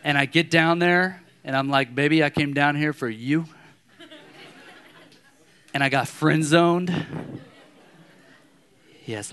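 A man in his thirties preaching a sermon as a pastor, telling personal stories in a conversational way and acting out anger. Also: a little high. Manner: conversational storytelling, animated when acting out anger.

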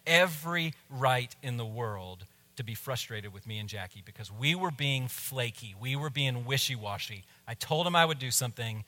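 A man, a pastor, telling a personal story in a sermon, animated and dropping to a hush at tense moments. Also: medium pitch, normal speed, long reverb tail.

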